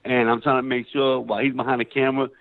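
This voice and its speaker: A man's voice: medium pitch, quick pace, no echo. A middle-aged man, an actor, telling a story in a casual interview, acting out quoted voices. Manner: animated, acts out quoted voices loudly. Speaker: actor guest. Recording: tinny phone-like line.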